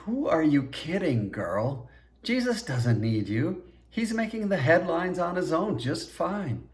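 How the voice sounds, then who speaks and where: A man's voice: on the high side, big pitch swings, slow, pitched above the performer's own voice, exaggerated voice. A man voicing an arrogant male governor who owns a slave girl, speaking in a scornful, domineering way in an audiobook.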